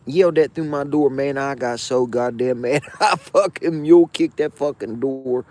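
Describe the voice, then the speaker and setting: A man hosting his own show, telling a jail story in a profane, slangy, animated way with frequent asides. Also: mid-range voice, moderate pace. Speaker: show host. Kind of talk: casual storytelling of a jail anecdote.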